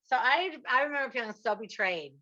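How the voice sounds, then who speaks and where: Bright-voiced woman host, animated storyteller. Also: high-pitched, fairly quick, muffled recording. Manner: animated storyteller, drawls out punchlines. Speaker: podcast host. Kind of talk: casual interview chat.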